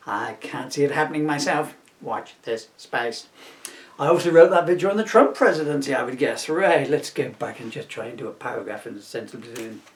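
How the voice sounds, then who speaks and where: A man's voice: medium pitch, lively intonation, brisk, recorded from a distance. A man reading his own comic book aloud, often laughing at his jokes and breaking off for asides.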